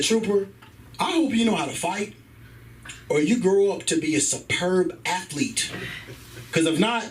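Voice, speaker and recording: A man doing stand-up at an open mic, his voice swinging widely in pitch as he tells a profane story and acts out the people in it. His throat is sore. He sounds distant from the mic in a comedy club, with a little background noise. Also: fairly bright tone.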